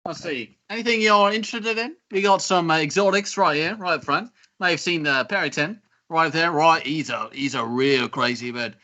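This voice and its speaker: A man's voice: a little high, normal speed, hardly any pauses, sharp tone. Man putting on a chatty Aussie elf shopkeeper. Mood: chummy. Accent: Australian. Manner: rambling salesman patter. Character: chatty male elf pet shop owner.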